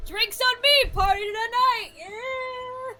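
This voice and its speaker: A rowdy young woman warrior who boasts and whoops over a victory, as a woman puts her on for a tabletop game. Her voice sits high and swings wildly up and down. Faint music plays behind. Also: big pitch swings, moderate pace, bright, forceful tone, heavily acted. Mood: boastful.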